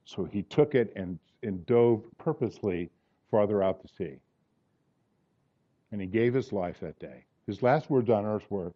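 Earnest preacher in his sixties, mellow voice. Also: on the low side, lively intonation, a little slow, dull audio. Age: 60s. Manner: earnest, acts out dialogue in stories. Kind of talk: sermon with personal stories.

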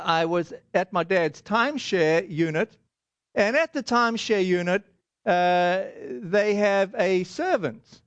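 A man's voice: high voice, no echo, highs cut off. A man preaching a sermon, telling personal stories in a chatty, self-deprecating way with lots of fillers. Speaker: pastor.

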